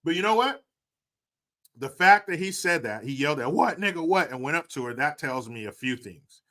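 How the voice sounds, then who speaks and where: Animated, sarcastic man ranting on camera. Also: normal speed. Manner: profane, sarcastic and mocking; swings between loud outbursts and low muttered asides. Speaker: commentary video host. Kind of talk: opinionated commentary.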